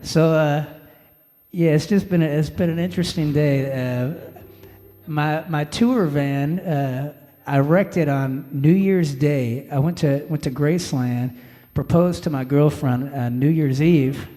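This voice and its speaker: A man's voice: on the high side, measured pace, dark tone. A young man, a singer-songwriter, rambling easily through stories between songs at a live show, full of filler words and calling the crowd "man". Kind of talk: stage banter between songs. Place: live music venue stage. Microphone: stage vocal mic. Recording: reverberant live venue with music. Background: guitar.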